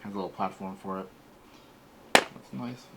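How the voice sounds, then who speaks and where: A man in his forties hosting a casual toy unboxing, talking in a relaxed, rambling way. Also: sits low, normal speed, very noisy. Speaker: toy collector host.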